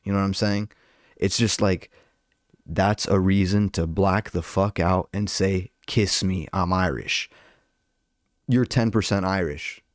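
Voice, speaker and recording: Fired-up young man ranting, low and dry. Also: a little mellow, clean tone, no echo. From Albanian heritage. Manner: fired-up, profane, rambling with filler words. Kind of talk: casual rant to camera.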